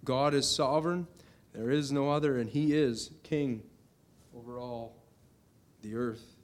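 A man's voice: mid-range voice, a little slow. A middle-aged man preaching a sermon earnestly, building to emphatic declarations as he reads scripture.

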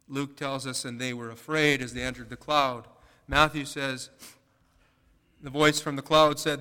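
A man preaching a sermon in a bright, crisp voice that carries. He presses his points with rhetorical questions and rising emphasis, with a long reverb trailing each phrase. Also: medium pitch, fairly even intonation, normal speed. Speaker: pastor.

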